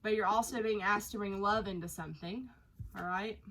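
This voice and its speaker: A woman's voice: mid-range voice, fairly even intonation, fairly quick, a bit bright, a little hiss or hum, rough recording. Chatty woman with a stuffy nose. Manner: chatty, rambling, lots of fillers. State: nasal from a cold. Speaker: tarot reader. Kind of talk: casual tarot reading to camera.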